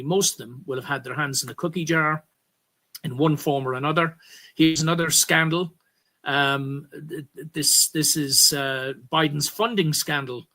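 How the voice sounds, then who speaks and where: Bright-voiced Irish man ranting on politics. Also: on the high side. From Ireland. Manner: rambling, stops to correct himself, emphatic bursts. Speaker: commentary host. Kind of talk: political commentary monologue.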